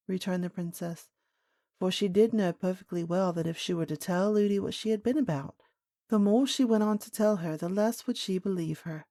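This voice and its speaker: A woman narrating a classic children's audiobook in a clear, measured storytelling voice. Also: medium pitch, fairly even intonation, mellow, no echo, clean studio sound.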